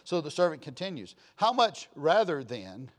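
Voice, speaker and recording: A high-voiced pastor delivers a very animated sermon at normal speed. Folksy in manner, he hammers home repeated phrases and lurches from hushed asides into abrupt, loud outbursts.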